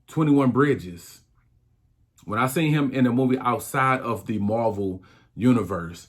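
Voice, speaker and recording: A man with a mid-range, animated voice hosts his own podcast, talking casually and reflectively on his own. His phrasing is slow and drawn out, full of restarts.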